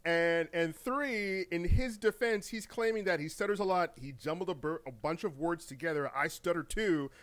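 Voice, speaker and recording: A man co-hosting a gaming news podcast in casual, animated chat, laughing often, repeating words and using slang. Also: on the high side, normal speed, few pauses. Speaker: podcast co-host.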